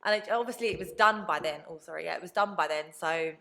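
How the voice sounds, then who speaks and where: A woman's voice: on the low side, fast, vocal fry. A woman in her twenties, a podcast guest telling stories in a casual chat, acting out what other people said. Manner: animated storytelling, acts out quoted people.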